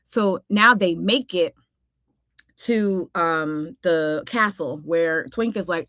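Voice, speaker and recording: A woman's voice: on the low side, takes it slowly, a bit bright, no room sound, studio quality. A woman hosting a casual cartoon recap vlog, talking in a sassy, exclamatory way full of playful asides. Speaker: host.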